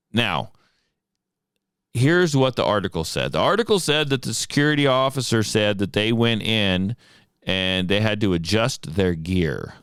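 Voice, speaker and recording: A man's voice: on the low side, smooth, no echo, studio quality. A man hosting a firearms show, ranting indignantly about a local security contract and firing off rhetorical questions. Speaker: firearms instructor and show host. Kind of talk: fired-up solo commentary.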